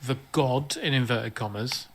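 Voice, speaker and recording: A man's voice: medium pitch, a little slow. A man co-hosting a comedy podcast, retelling a film's plot in a rambling, enthusiastic way. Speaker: podcast co-host. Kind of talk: casual comedic film chat.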